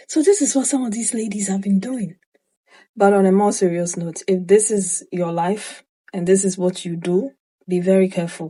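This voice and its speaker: A woman reacting to dating stories with measured, judging commentary. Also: lowish voice, darkish tone.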